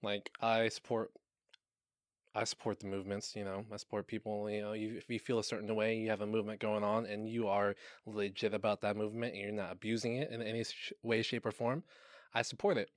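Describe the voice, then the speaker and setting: A young man in casual podcast chat, swearing freely and laughing often, his voice jumping high when excited. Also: fairly quick, no echo, clean studio sound. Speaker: podcast co-host.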